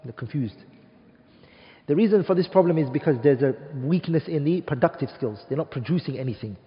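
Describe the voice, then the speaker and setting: A man's voice: fairly high pitch, lively intonation, fairly quick. A man from the UK lecturing an Arabic studies class, emphatic, posing rhetorical questions to the room and dropping Arabic terms into his English. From United Kingdom. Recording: dull, reverberant classroom recording.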